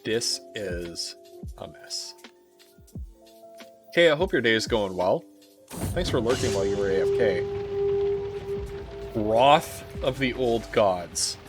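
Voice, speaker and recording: A man's voice: lowish voice, animated, slow pace, pauses often, music in the background. Wry male streamer reading game text. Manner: reads game text aloud with wry asides. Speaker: live streamer. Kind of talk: live gameplay commentary.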